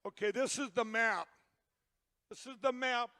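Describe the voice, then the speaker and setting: A man hosting a live event, talking to the crowd in a rambling, excitable and pointed way. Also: very high voice, a little slow. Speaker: event host. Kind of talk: live presentation to an audience.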